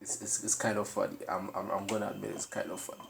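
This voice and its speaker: A man's voice: on the low side, monotone, fast, vocal fry, a bit bright, a little hiss or hum. A man hosting a reaction video, commenting casually and laughing, often repeating words while he searches for them.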